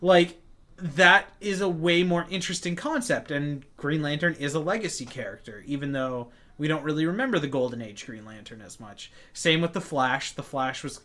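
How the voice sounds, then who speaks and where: A man's voice: on the high side, normal speed, bright, forceful tone. A man co-hosting a casual nerd podcast, rambling through comic-book talk with lots of fillers. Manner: rambling, filler-heavy, acts out quotes. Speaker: podcast co-host.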